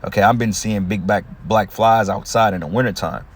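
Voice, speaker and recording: A man with a fairly low voice preaches in a relaxed, street-talk style. He slows down to read each verse, then breaks into loose, blunt commentary. A vehicle can be heard in the background. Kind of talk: informal scripture teaching.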